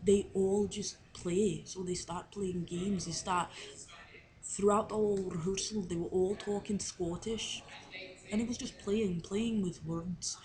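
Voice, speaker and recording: A woman's voice: medium pitch, steady tone, a little slow, a little mellow, low-quality recording. A young woman talking to camera in a casual video diary, rambling and unsure of herself, with many fillers. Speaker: drama student on placement.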